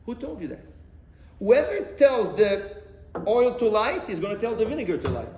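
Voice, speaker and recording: Male rabbi, expressive sermon delivery, echoey room with faint background hiss. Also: sits high, normal speed. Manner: animated storytelling with rhetorical questions. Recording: roomy, distant mic, faint noise.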